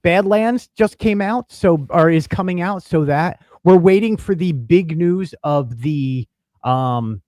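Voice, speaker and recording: Casting: upbeat male co-host, slightly high voice, dry close mic, casual banter. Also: slow pace, darkish tone, dry recording. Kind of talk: casual podcast chat.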